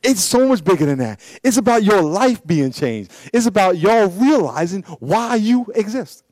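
A man preaching a sermon in church as pastor, swinging between loud exhortation and low asides and repeating phrases for emphasis. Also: big pitch swings, moderate pace, no echo.

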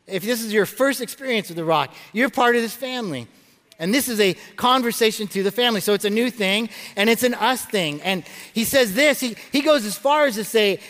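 A middle-aged man preaching a sermon as pastor, telling stories and jokes in an animated way, often stumbling and restarting his words. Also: high voice. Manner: animated storytelling with frequent stammered restarts and jokes. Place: large church auditorium. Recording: long reverb of a large hall.

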